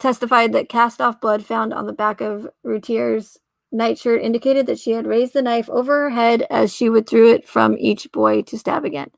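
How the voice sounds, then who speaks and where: Gravelly-voiced woman rambling on a livestream. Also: a little high, steady tone, normal speed, no room sound. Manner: rambling, trails off and corrects herself while reading; laughs often. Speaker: livestream host. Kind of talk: casual livestream chat, reading aloud.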